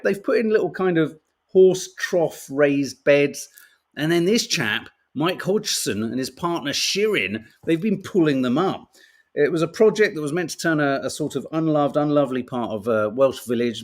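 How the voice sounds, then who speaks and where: A middle-aged British man hosting a podcast, chatting wryly through newspaper stories with casual swearing and laughter. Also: fairly high pitch. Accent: British English. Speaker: podcast host reading the papers. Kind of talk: casual chat.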